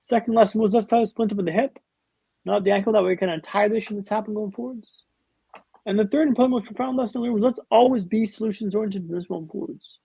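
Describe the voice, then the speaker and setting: A man telling a vivid, humorous story with dramatic pauses as a guest in a podcast interview, on a dull, lo-fi recording. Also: high voice, steady tone, vocal fry, warm tone, slightly rough, dry recording.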